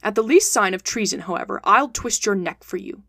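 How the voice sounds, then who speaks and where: A woman's voice: mid-range voice, expressive, a little fast, fairly bright tone, no room sound. A blunt, hot-tempered young servant from a storybook, voiced by a woman reader. The delivery is wary and short, and the recording is close and dry.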